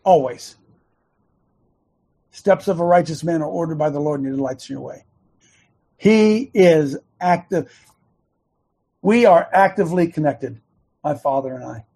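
A man gives an emphatic devotional sermon, leaning hard on key lines and repeating them. His voice sits fairly high for a man and has a husky edge. He speaks at an unhurried, deliberate pace. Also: lively intonation, dark tone. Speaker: coach giving a devotional talk.

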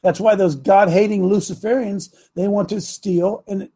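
A man hosting a preaching talk show into a studio microphone. He talks emphatically, repeats his lines and slows right down to hammer his points. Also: high-pitched, steady tone, warm tone, slightly rough.

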